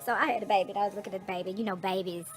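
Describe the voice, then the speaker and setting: A middle-aged woman vlogging in a casual storytelling way, frank and profane, animated, with asides and laughter. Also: mid-range voice, very fast, soft background music.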